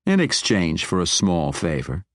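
A man's voice: sits low, huge pitch swings, dry recording, studio quality, heavily acted. A man voicing a sly, sardonic male drow mercenary who drawls his words archly. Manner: arch, drawn-out, sardonic.

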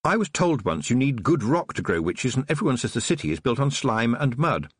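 A man's voice: mid-range voice, very animated, a little fast, husky, no echo, clean studio sound, voice pushed up. A man voicing an earnest, careful young girl witch. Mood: wondering. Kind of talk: audiobook character voice.

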